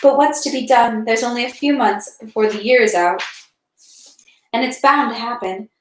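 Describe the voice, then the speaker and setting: A woman's voice: a little high, normal speed, a little hiss or hum, close to an everyday voice. A woman voicing an anxious, tearful young noblewoman who pleads in a trembling voice, in an echoey room. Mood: earnest.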